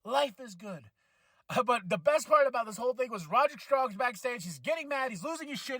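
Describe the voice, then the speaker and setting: A man hosting a wrestling podcast, reviewing a show in an excitable, slangy way and breaking into shouts when thrilled. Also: extremely high pitch, fairly quick, no room sound. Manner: casual slangy delivery, laughs often.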